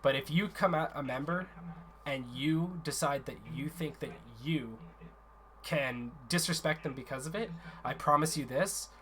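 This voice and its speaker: A man's voice: on the high side, a little slow, fairly bright tone, a little hiss or hum. A man in a casual voice chat, earnestly explaining a gaming community's conduct rules at length, often restarting his sentences.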